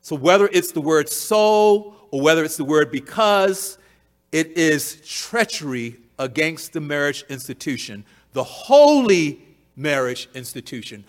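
A man with a notably high voice delivers a sermon. He hammers home phrases by repeating them, rising to loud, emphatic peaks and then dropping into quiet, low-pitched stretches. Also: animated, unhurried. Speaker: preacher.

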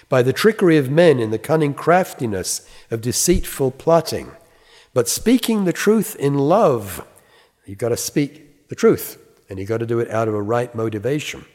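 A man preaching a sermon, reading scripture slowly and with emphasis, then explaining it in a plain, conversational way. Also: mid-range voice, a little mellow. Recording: long reverb.

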